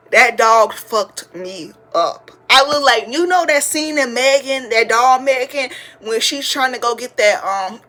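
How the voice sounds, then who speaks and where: Animated young woman telling stories. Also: sits high. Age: 20s. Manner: animated, slangy, profane, addresses listeners as y'all. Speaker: podcast host. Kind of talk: casual storytelling.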